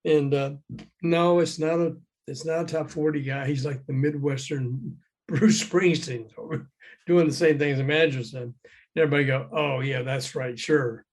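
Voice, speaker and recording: Older man telling lively stories. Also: a little high, normal speed. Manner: lively, acts out quoted voices, chuckles often. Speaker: guest, former record promoter. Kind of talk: anecdotal storytelling in a conversation. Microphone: remote call.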